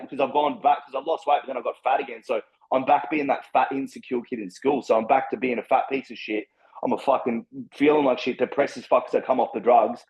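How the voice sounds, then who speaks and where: Heard on a rough recording, a Brisbane man with an Australian accent shares his life story as a podcast guest, rambling, frank and very profane. His mid-range voice is steady and a little mellow, moving at a quick pace.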